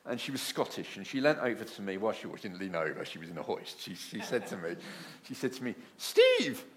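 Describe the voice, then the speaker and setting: Animated man preaching a sermon. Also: fairly low pitch, fast. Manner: animated storytelling with acted asides.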